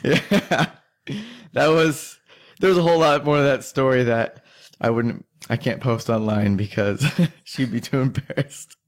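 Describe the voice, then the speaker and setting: A man's voice: mid-range voice, a little slow. A young man telling a long drinking story in casual chat, rambling, swearing and laughing as he goes.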